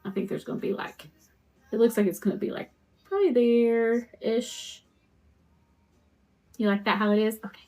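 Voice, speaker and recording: A woman's voice: a little high, steady tone, normal speed, long pauses, a little mellow, soft background music. A woman hosting a crafting live stream, chatting to viewers in a rambling, conversational way while she works. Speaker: custom cup shop owner hosting a live stream.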